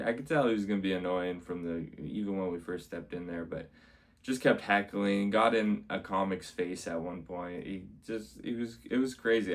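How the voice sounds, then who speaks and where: A man who does stand-up comedy, casually recapping his week in a rambling way and repeating himself often. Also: low voice. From Canada. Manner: rambling, repeats "amazing", acts out quotes.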